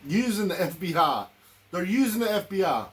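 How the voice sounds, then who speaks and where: Man, angry political rant, heated and repetitive, slightly high voice. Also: sing-song, moderate pace. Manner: heated, repetitive, addresses listeners as y'all. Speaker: political commentator.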